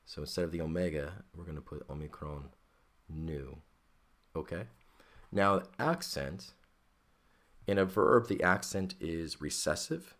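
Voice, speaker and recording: A man's voice: a bass voice, fairly bright tone. A man teaching a Greek grammar lesson, working patiently step by step and often checking in with "okay?".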